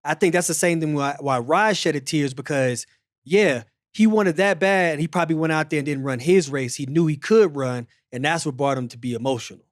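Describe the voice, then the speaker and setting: A man's voice: a little high, a little fast, no room sound, clean studio sound. A middle-aged man hosting a casual sports chat, telling stories animatedly and repeating phrases. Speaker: show host.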